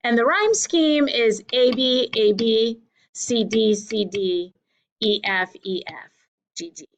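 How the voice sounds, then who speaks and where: A woman teacher giving a slow, deliberate lesson over slides, correcting herself now and then. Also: on the high side, rough recording. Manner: slow, deliberate explaining with small self-corrections.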